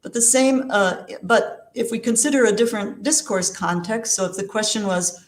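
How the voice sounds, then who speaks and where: A woman giving an academic lecture on linguistics, explaining in a measured way with frequent ums and uhs. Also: medium pitch, echoey room.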